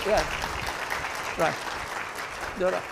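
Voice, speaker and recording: In this ceremony speech, a dean with a high voice presents awards before an audience in a big, echoing auditorium. He speaks extremely slowly in a steady tone with vocal fry, cheerfully calling out honorees and prompting applause despite heavy background noise.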